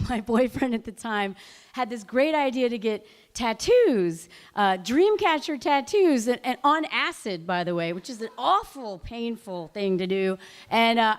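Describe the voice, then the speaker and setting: Chatty woman telling a raised, lively story. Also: fairly high pitch. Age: late 30s. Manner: chatty, full of "like" fillers, laughing through the telling. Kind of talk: live personal storytelling.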